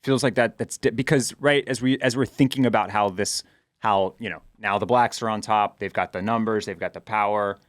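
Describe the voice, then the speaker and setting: Low male co-host, dry mic, halting and agreeable, many restarts. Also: steady tone, no room sound. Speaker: podcast co-host. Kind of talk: casual recap chat.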